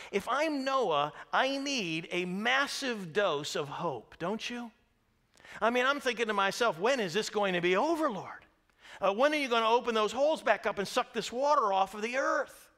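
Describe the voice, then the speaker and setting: High bright-voiced preaching man. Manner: lively storytelling with audience questions. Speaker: pastor. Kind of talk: sermon. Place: church sanctuary.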